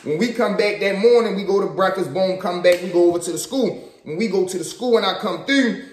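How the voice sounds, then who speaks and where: A young man from Baltimore with a Baltimore accent, casually telling a story in slangy, animated talk with swearing. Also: sits high, fairly quick, echoey room, a little hiss or hum. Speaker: storyteller vlogger.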